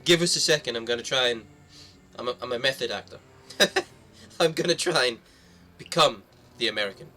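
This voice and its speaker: A man's voice: medium pitch, moderate pace, bright, forceful tone, faint music behind. A man streaming a game live, chatting casually and joking with a friend. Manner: jokey, banters and laughs often. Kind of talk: casual chat while gaming.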